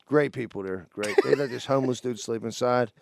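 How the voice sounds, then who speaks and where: A man co-hosting a casual podcast, telling an animated, profane story with quoted voices. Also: mid-range voice, fairly quick, gravelly. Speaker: podcast co-host. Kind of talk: casual chat.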